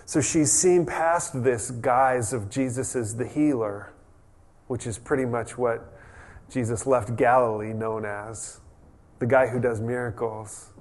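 A man's voice: medium pitch, slow pace. Chatty man preaching a sermon. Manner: relaxed and chatty, with frequent restarts and humorous asides. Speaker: pastor. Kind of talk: conversational sermon.

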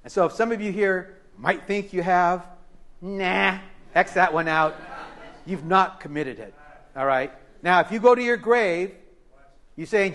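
High-voiced impassioned man preaching. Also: measured pace. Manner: impassioned, swings from loud to hushed; acts out quoted voices. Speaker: pastor. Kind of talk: sermon. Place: church service.

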